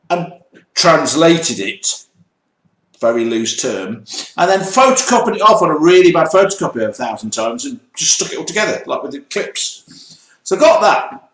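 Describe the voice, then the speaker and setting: A middle-aged man with a high, fairly bright voice co-hosts a casual livestream, trading banter, telling jokey stories and laughing along the way. The recording has a roomy echo.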